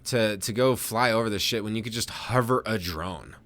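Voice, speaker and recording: A man's voice: lowish voice, a bit bright, dry recording. A man co-hosting a casual podcast, joking and often stumbling over repeated words. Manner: halting, repeats words, jokey. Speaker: podcast co-host. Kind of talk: casual chat.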